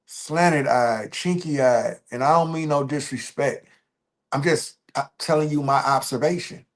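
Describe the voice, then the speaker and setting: A man hosting a casual livestream, talking loosely and repeating himself, pressing hard on points and then trailing off quietly. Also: a little high. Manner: loose and repetitive, restarting phrases, emphatic then trailing off quietly. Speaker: livestream host.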